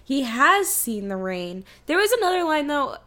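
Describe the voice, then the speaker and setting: High-voiced woman chatting animatedly. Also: moderate pace. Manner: animated, swears, acts out movie lines. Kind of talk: casual chat, film recap.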